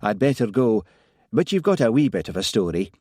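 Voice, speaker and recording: A man voicing an easygoing village constable with a Scottish Highland accent, mild and polite. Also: very animated, fairly quick, a little mellow, no room sound, studio quality.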